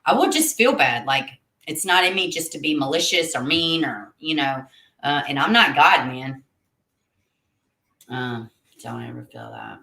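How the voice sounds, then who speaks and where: A woman hosts a casual livestream, chatting and laughing with her viewers. Her voice sits low but sounds bright and animated. The room around her is echoey. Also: measured pace, creaky. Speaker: livestream host reading chat.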